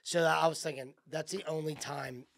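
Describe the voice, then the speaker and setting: A man's voice: a little high, steady tone, normal speed, gravelly. A man co-hosting a sports talk show, getting worked up and firing off exclaimed questions. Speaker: co-host.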